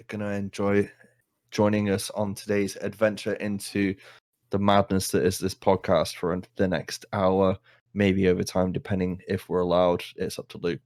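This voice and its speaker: A man's voice: lowish voice, darkish tone, no room sound, studio quality. Jokey man hosting a podcast. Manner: jokey, laughs often, leads the talk. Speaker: podcast host. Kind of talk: casual chat.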